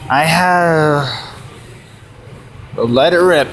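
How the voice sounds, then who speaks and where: A man's voice: a little high, slow, long pauses, fairly bright tone. A young man telling rambling jokes and stories in a comedy monologue, jumping between bits and put-on voices. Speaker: amateur comedian. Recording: faint background noise.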